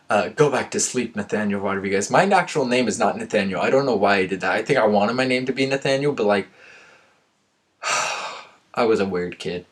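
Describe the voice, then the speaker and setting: A young man reading aloud a story he wrote as a kid, breaking off for sarcastic, self-mocking asides. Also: on the low side. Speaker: vlogger reading his old story. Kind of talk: reading aloud with joking commentary.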